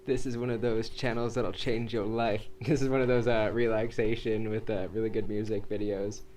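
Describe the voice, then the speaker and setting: A man co-hosting a casual chat show, talking in a relaxed, rambling way full of "like" and "uh". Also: on the low side, normal speed, rough recording. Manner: relaxed, rambling, uses "like" and "uh" a lot. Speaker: co-host. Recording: faint background noise.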